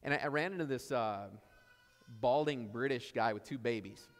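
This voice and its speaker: A man delivers a relaxed, story-driven sermon, circling back to repeat his main points. His voice sits at an ordinary middle pitch. It rings out with the long reverb of a church sanctuary. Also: moderate pace. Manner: conversational storytelling, repeats key phrases. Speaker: preacher.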